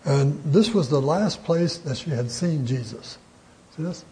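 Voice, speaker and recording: An older man teaching a Bible study in a folksy, conversational way, pausing often with fillers. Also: a little high, lively intonation, mellow, breathy edge, poor audio.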